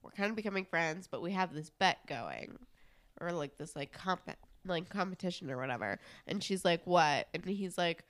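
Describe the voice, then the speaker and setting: A young woman co-hosting a casual podcast, animated and sweary as she reacts to a TV episode. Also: fairly low pitch, normal speed. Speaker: podcast co-host. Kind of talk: casual recap chat.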